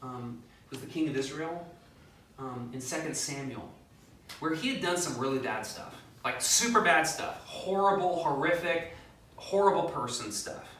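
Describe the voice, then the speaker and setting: A man preaching a conversational sermon as pastor, animated, acting out quotes and making joking asides. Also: on the high side, moderate pace. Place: church sanctuary. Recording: very echoey, distant mic.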